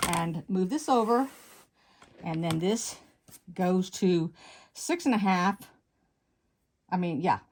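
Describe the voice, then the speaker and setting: A woman hosting her quilting channel, explaining fabric cutting step by step in a chatty, folksy way and stopping to correct herself, recorded at a sewing table at home. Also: lowish voice. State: slightly out of breath. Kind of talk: casual step-by-step sewing tutorial.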